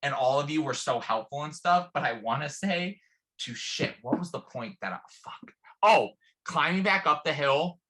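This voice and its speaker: Bright, animated young man, lively chat. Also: fairly high pitch, normal speed. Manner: animated, dramatic, big swings in voice when quoting. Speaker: channel co-host. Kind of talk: casual storytelling chat.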